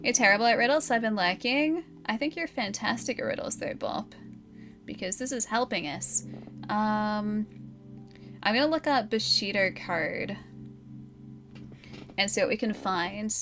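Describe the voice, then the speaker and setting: A woman's voice: mid-range voice, lively intonation, measured pace, long pauses, a bit bright, faint music behind. An Australian woman streaming live, casually thinking aloud and chatting with her viewers.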